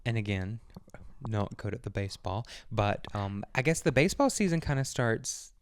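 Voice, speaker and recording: Animated, playful podcast co-host. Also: male voice, fairly low pitch, normal speed. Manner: playful, acts out scenes in put-on voices. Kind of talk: casual chat.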